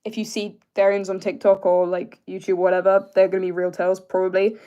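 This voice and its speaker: Young British man streaming casually, halting and filler-heavy, keeping his voice lower than it wants to sit. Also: completely flat delivery, dark tone, clean tone, highs cut off. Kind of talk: casual live-stream chat answering viewers.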